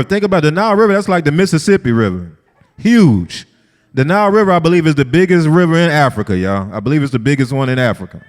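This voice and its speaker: A man teaching a lively, conversational sermon-style lesson and asking his group questions. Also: fairly high pitch. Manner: lively, talks straight to the group, asks them questions. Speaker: Bible study teacher. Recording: long hall reverb.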